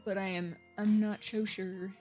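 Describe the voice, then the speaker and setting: A woman in her thirties streaming from home, chatting casually in a rambling, emphatic way with quick laughs and cursing. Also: mid-range voice, flat delivery, a little mellow. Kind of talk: casual live-stream chat. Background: faint game music.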